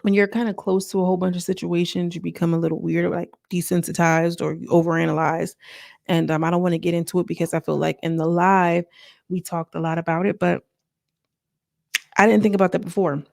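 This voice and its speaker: Woman reality-show reviewer, chatty and direct with viewers, low pitch with a raspy fry. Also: flat delivery, fairly quick, darkish tone, dry recording, studio quality. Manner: chatty, talks straight to viewers, acts out quotes. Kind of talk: casual recap commentary.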